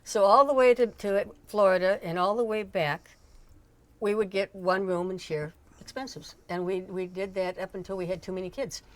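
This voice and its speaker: A woman's voice: medium pitch, fairly even intonation, normal speed. An older woman, the host's mother, telling a long personal story in casual chat, with many restarts and small laughs. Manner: chatty, rambling, frequent restarts and laughs. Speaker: streamer's mother, guest.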